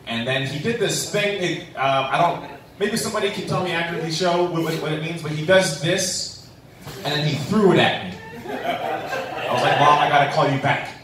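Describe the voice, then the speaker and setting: A young man tells stories on a comedy club stage, winding through his tales with lots of "like" and "um." His voice sits a little high. The sound is roomy and echoing, picked up from a distance with a faint hum of room noise. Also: lively intonation, normal speed, crowd noise. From New Mexico, USA. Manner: rambling, filler-heavy storytelling with many "like"s and "um"s. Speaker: stand-up comedian. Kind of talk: stand-up comedy set.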